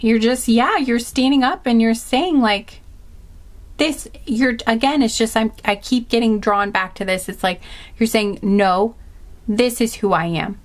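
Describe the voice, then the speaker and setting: A woman's voice: a little high, measured pace. Passionate woman giving a card reading. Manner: passionate, emphatic, repeats phrases with many fillers. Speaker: tarot card reader. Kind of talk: intuitive pick-a-card reading.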